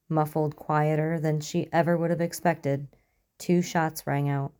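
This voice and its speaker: A woman narrating a story in an even, measured way. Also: low voice.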